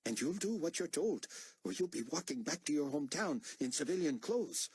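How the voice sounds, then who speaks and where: Man doing a dry teasing older officer, bit higher, bossy. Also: lively intonation, moderate pace, darkish tone, husky, no echo, heavily acted. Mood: commanding. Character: older male officer, wry and commanding.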